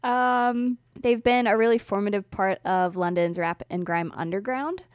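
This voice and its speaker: A woman's voice: mid-range voice, measured pace, no room sound. Young woman, music podcast co-host, casual chatty review, filler-heavy, dry close sound. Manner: chatty, gushing, frequent ums and laughs.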